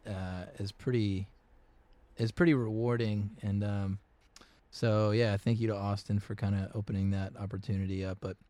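A man chatting easily as a musician guest, telling stories with lots of fillers and quick laughs. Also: fairly low pitch, little pitch movement, dark tone, no room sound. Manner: easygoing, laughs often, many fillers and restarts. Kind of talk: casual interview chat.

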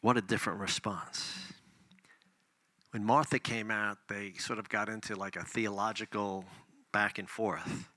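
A lower-pitched man preaching a sermon with a very bright, forward tone. He reads scripture and talks it through conversationally, rising to loud emphasis and dropping to near-whispers. The sound is dry and close, with no room echo. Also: fairly even intonation, a little slow, pauses often. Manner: impassioned, swings between loud emphasis and hushed near-whispers. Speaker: pastor.

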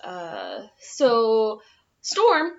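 A woman's voice: a little high, wildly swooping pitch, drawn-out words, gravelly, a crowd in the background. Rambly twenties woman co-host, filler-heavy chat, muffled lo-fi sound. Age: 20s. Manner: rambling, many fillers, laughs easily. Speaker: player and podcast co-host. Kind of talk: casual podcast chat.

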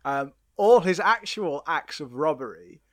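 A playful podcast host with a slightly raised pitch. He talks in casual chat and keeps restarting his sentences. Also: animated, unhurried.

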